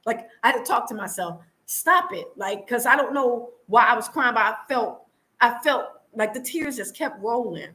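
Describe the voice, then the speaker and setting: A woman's voice: a little high, moderate pace, bright, forceful tone, low-quality recording. A woman from the United States, chatting earnestly on a live stream from her home and answering viewers, with many restarts and repeats. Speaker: vlogger answering live chat. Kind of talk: casual live-stream chat. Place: home in Tanzania.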